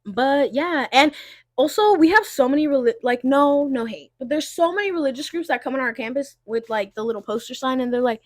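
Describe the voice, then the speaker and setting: A woman's voice: high voice, a little fast, no echo. A young woman, a podcast co-host, telling stories in casual chat and acting out the people she quotes. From Southern California. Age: young adult. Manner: animated storyteller, mimics people she quotes; giggly, laughs through lines.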